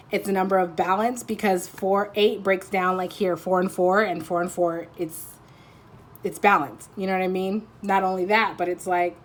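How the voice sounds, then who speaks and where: A woman giving a casual intuitive card reading, rambling and chatty with lots of fillers and frequent laughs. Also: mid-range voice. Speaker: tarot reader.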